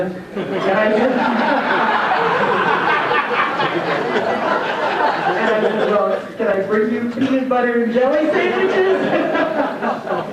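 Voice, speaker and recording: A woman's voice: on the low side, background noise. A woman giving an award acceptance speech, telling a folksy joke and laughing at her own punchlines. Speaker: award recipient giving thanks. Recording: echoey hall, distant mic, dull sound.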